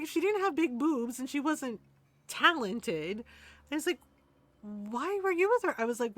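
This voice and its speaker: A middle-aged woman chats casually while she plays, wandering through an anecdote with plenty of "um" and "like." Her voice sits at a middle pitch. The sound is close and dry. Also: a bit bright, dry recording. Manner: rambling storytelling with frequent fillers and laughs. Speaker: streamer. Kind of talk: casual chat while gaming.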